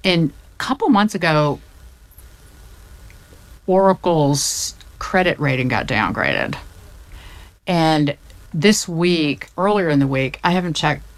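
Low-voiced, unhurried woman explaining economics. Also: animated, no echo. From Southern United States. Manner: fact-heavy, restarts mid-sentence. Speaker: economics commentator. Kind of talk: casual explanatory chat.

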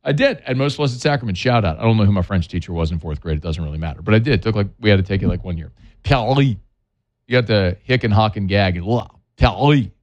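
Deep-ish guy on sports radio, joking around, opinionated, rambles a bit. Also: quick pace, darkish tone, lo-fi sound. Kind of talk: casual sports radio chat.

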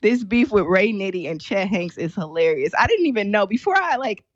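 A woman hosts a podcast in loose, casual chat, her voice swinging widely in pitch as she teases and laughs. The sound is close and dry, with no room around her. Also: big pitch swings, a little fast, no echo, dull audio. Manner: laughs often, teasing. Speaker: podcast host.

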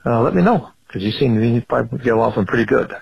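A man's voice: medium pitch, lively intonation, very fast, creaky, darkish tone, breathy edge, highs cut off. A man from Wisconsin calling in to a radio show, asking a rambling, hesitant, friendly question. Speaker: caller. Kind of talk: phone-in question.

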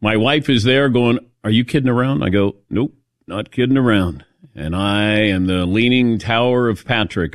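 A man's voice: fairly low pitch, moderate pace, no echo, clean studio sound. A middle-aged man hosting a sports talk radio show, telling a self-mocking story in casual chat.

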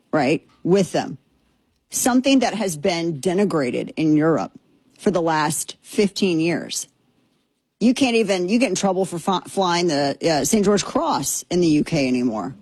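Woman doing opinion commentary, kinda low and husky, dry close mic, rambly and snarky. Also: darkish tone, no echo. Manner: chatty, sarcastic, rambling. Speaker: commentary show host.

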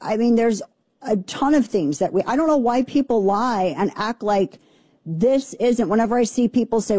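A woman hosting a talk radio show, ranting sarcastically about the news with quick asides. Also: on the high side, expressive, dark tone, no echo. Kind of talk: opinionated political talk radio.

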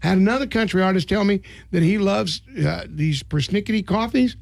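A man hosting a radio interview in a studio, talking quickly and teasing his guests in a joking way. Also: high voice, gravelly, no echo. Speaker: radio host.

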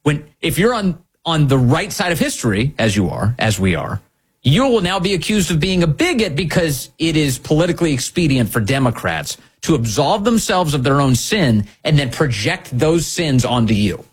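A man's voice: on the high side, sing-song, moderate pace, slightly rough. A man delivering an indignant, sarcastic opinion monologue as a commentary host, with an emphatic way of talking.

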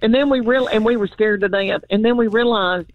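A woman's voice: on the high side, fairly quick, phone-quality sound. An older woman from Knoxville with an East Tennessee accent, chatting as a comedian guest in a casual phone interview, folksy and self-mocking.

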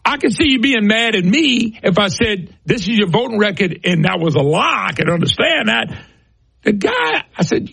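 A man's voice: high-pitched, very animated, fairly quick, gravelly, a bit bright, breathy edge, no room sound. A middle-aged man hosting a political talk radio show, ranting scornfully and firing off rhetorical questions.

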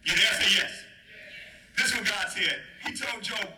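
A man preaching a sermon as pastor, animated and playful, calling out to the congregation for responses. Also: sits high, normal speed. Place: church. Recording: echoey room, faint noise.

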